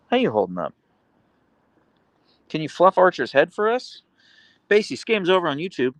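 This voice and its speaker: A man's voice: very animated, normal speed, pauses often, no room sound. A man live streaming from home, casually chatting and reading viewer comments aloud, and talking to his dogs. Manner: reads chat aloud, chatty and meandering; baby talk to his dogs in high pitch. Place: home in Seattle.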